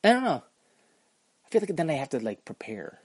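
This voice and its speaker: Husky, lively-voiced ranting man. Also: fairly high pitch, brisk, no echo. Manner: rambling, profane and self-mocking. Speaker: podcast host. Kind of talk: solo podcast rant.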